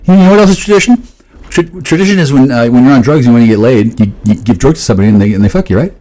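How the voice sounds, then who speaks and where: A man in a rambling, profane monologue, often restarting and jumping suddenly up in pitch. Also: lively intonation, racing, dark tone, poor audio.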